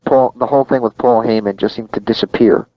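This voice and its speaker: A man's voice: medium pitch, steady tone, quick pace, no echo. Casting: emphatic, opinionated man in casual chat, muffled lo-fi audio with no room sound. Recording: dull lo-fi sound, dry.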